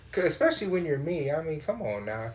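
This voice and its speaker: A man telling a comic story, animated and swearing freely, acting out the people he meets. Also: on the high side, normal speed. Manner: animated, swears a lot, acts out voices. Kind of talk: profane comedic storytelling.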